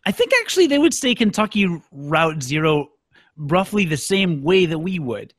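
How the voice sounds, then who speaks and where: A man hosting a podcast, his voice slightly higher than most and recorded close and dry. He tells rambling, self-deprecating stories in easy conversational chat. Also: very animated, normal speed, fairly bright tone, no room sound. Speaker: podcast host. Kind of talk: casual chat. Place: Chicago.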